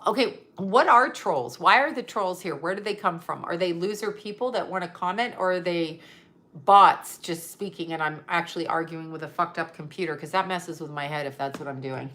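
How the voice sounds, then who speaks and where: Reading out viewer comments on a casual livestream, this woman, a psychic medium, answers them bluntly and profanely as she rambles. Her voice is lowish and fairly bright, at a normal speed.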